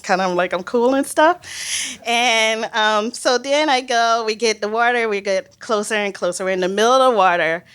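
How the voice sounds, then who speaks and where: A woman biologist telling a personal story on stage, animated and self-mocking, laughing often. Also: medium pitch, clean tone.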